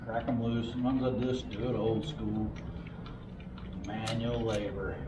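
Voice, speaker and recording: A man's voice: fairly low pitch, level tone, measured pace, very noisy. A man in a casual workshop how-to video, talking loosely with plenty of fillers while he wrenches on an engine in a garage. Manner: loose and chatty, lots of fillers. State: out of breath from heavy wrenching. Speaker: car hobbyist showing an engine install.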